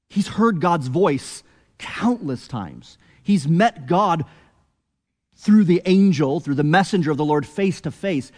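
A man delivers an earnest expository sermon, climbing to emphatic peaks before sinking low and quiet. A long reverb tail trails his words.

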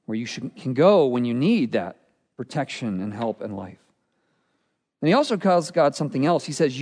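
A pastor preaching a sermon with earnest, expressive delivery, often dropping to a quiet, intense tone. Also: male voice, fairly high pitch. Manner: earnest, expressive preaching with dramatic drops in volume. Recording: long hall reverb.

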